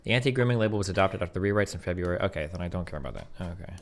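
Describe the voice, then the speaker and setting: A man's voice: deep voice, lively intonation, very fast. A man in his thirties, a streamer debating in a casual, blunt, profane way and reading out bill text.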